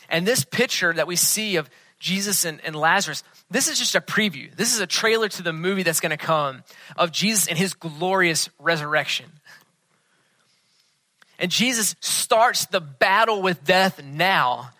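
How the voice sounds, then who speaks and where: Earnest male pastor, bright dry voice. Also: high voice, dry recording. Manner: earnest, dropping to a hush for emphasis. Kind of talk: sermon.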